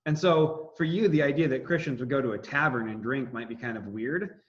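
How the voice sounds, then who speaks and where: A man's voice: medium pitch, fairly quick, highs cut off. A man giving a casual history lecture, rambling with many fillers and restarts. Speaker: history teacher.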